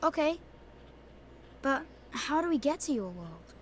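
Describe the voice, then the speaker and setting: A woman voicing an earnest, unsure young boy in a video game, asking questions in a soft, uncertain way. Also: sits high, big pitch swings, a little slow, a little hiss or hum. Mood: puzzled.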